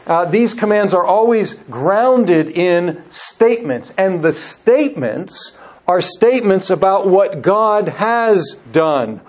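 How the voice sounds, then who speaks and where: Male Bible teacher, high pitch, measured and repetitive delivery, muffled recording. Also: a little mellow. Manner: measured, repeats words and restarts phrases. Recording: dull lo-fi recording.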